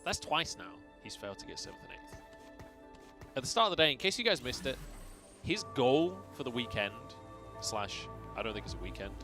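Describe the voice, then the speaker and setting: A man calls an esports match with a lively, swooping voice and a playful, joking manner. A clear music bed plays behind him. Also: mid-range voice, fairly quick. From England. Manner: joking, animated banter. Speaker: esports caster. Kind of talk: casual esports commentary.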